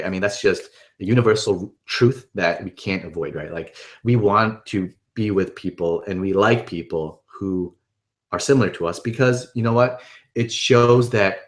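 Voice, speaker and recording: A man presenting a webinar in a casual, upbeat way, often checking in with the listener. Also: fairly low pitch. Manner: upbeat, conversational, keeps checking in with "right?". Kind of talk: casual instructional talk.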